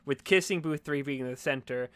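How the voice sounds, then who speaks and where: A man's voice: mid-range voice, a little fast, smooth, no echo. A young man hosting a podcast, chatting casually and joking, sometimes acting out characters in a raised voice. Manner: jokey, acts out characters in raised voice. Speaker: podcast host. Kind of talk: casual chat.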